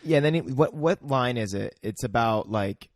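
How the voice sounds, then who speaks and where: A man's voice: mid-range voice, lively intonation, normal speed, dry recording, studio quality. A man co-hosting a podcast, chatting casually and sharing film trivia with lots of filler words. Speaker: podcast co-host. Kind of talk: casual movie chat.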